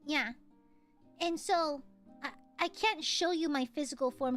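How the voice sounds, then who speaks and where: A woman's voice: high voice, unhurried, pauses often, fairly bright tone, soft background music. A young woman streaming casually as a VTuber, playful and jokey, often breaking into laughs and squeals. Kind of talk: casual livestream chat.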